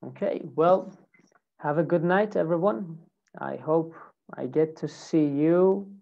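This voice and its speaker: Woman teacher, deep and unhurried voice, slightly muffled audio. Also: gravelly. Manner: slow, deliberate, repeats examples. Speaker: online English teacher. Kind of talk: live online lesson.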